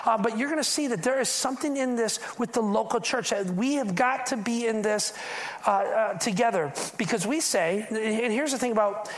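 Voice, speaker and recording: A man's voice: sits high, moderate pace. A male pastor delivering a sermon to his congregation. He speaks in an easy, conversational way and keeps asking the room questions. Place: church in front of a congregation.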